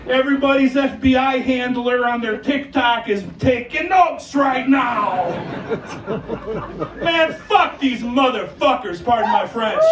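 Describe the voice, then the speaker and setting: Man emceeing a club gig, high strained voice, slow shouted delivery, roomy distant sound, loud cheering crowd. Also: background noise. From Chicago, Illinois. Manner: rousing, profane, joking, talks without a microphone. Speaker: emcee and opening musician. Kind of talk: shouted crowd address at a live show. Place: music club stage, indoors.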